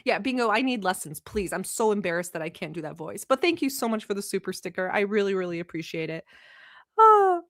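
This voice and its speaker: A Middle Eastern woman who isn't a native English speaker hosts a casual livestream, reacting to videos and teasing and chatting with viewers. Her medium-pitched, slightly bright voice swings widely in pitch and runs a little fast. The recording is dry, with clean studio sound.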